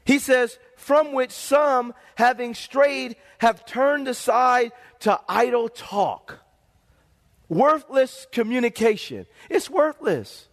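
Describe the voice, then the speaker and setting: A middle-aged man preaches a sermon in a high, lively voice. He tells stories animatedly and keeps calling the congregation for an amen. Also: slow pace. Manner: animated storytelling preacher, calls for amens. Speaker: pastor.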